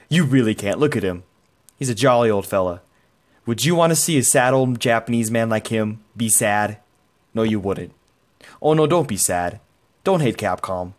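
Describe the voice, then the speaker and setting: A man giving excitable gameplay commentary while he plays a fighting game. He swears a lot, shouts, and groans as the match goes on. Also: medium pitch. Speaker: gamer playing a fighting game.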